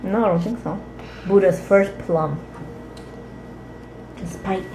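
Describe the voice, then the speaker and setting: A woman's voice: medium pitch, slow pace, mellow, reverberant, a little hiss or hum, poor audio. A young woman vlogger chatting casually, teasing and laughing often. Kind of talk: casual chat.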